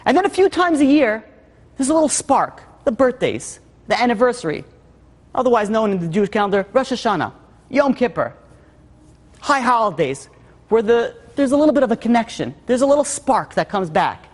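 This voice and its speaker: Rabbi preaching in a reverberant hall. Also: male voice, very high-pitched, very animated, fairly quick. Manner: tells a story softly, then preaches with rising emphasis. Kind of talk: holiday sermon with storytelling.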